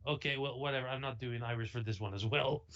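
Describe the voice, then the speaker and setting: A man's voice: mid-range voice, fast, fairly bright tone, dull audio. A man co-hosting a reading podcast, chatting casually, swearing freely and hesitating as he jokes. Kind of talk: casual banter.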